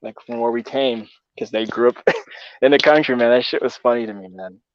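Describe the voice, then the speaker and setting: A man's voice: mid-range voice, a little fast, no echo, dull audio. Rambling, swearing man in casual chat. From Texas. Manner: loose and rambling, swearing, many fillers.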